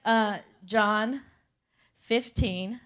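A woman's voice: medium pitch, very slow, a bit bright. Woman telling her testimony in church. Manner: conversational storytelling, talks to the audience directly. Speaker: church speaker giving testimony. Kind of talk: personal testimony to a congregation.

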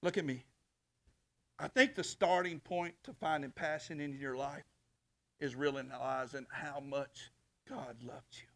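A man preaching a sermon as pastor in a church, emphatic, swinging from soft talk to shouting. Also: fairly high pitch, a little slow.

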